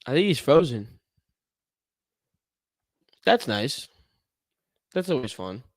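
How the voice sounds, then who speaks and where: With a mid-range, sing-song voice and a slow pace, a young man co-hosting a sports livestream rambles casually as he waits for his partner. He yawns occasionally.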